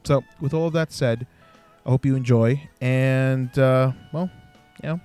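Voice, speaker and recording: Young male podcast host, mid-pitched voice. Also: fairly even intonation, a little slow, mellow, smooth, faint music behind. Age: young adult. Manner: friendly, rambling, with many um and you know fillers. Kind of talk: casual podcast talk and interview.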